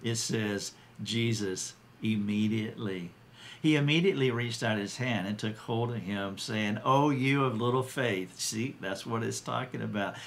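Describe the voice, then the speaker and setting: Low-voiced man teaching scripture earnestly. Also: fairly bright tone, slight background noise. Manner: earnest, pauses and restarts, quotes scripture with dramatic emphasis. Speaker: Bible teacher. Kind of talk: spoken Bible teaching.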